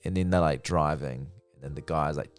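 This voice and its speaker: A man's voice: rumbling low, a little fast, no echo, faint music behind. A young man casually reviewing a TV show, chatty and swearing freely. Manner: chatty, swears freely, acts out characters' lines. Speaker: TV review vlogger.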